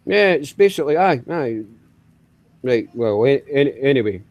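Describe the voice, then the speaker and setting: A Scottish man hosting a casual chat, talking quickly and joking at his own expense. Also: mid-range voice, expressive, a little mellow, no echo, dull audio. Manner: quick, joking, laughs at himself. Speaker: host.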